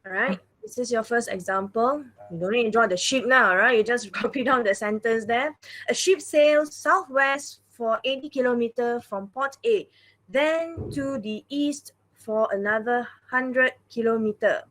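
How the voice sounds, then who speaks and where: Woman math teacher, patient and repetitive, slightly high voice, online class. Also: unhurried, fairly bright tone. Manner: patient, repeats "all right" and "okay" often.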